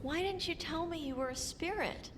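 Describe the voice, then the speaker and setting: A woman's voice: extremely high pitch, moderate pace, background noise. An actress playing a blunt, earnest young woman warrior in a video game. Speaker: game character.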